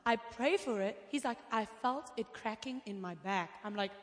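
A woman preacher telling testimonies in an animated, storytelling way, acting out the voices of the people in her stories. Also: a little high, moderate pace, few pauses. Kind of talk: sermon testimony. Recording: long hall reverb.

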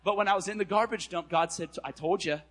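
A man preaching a storytelling sermon in a casual, slangy way, swinging between loud bursts and hushed asides. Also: sits high, quick pace, poor audio.

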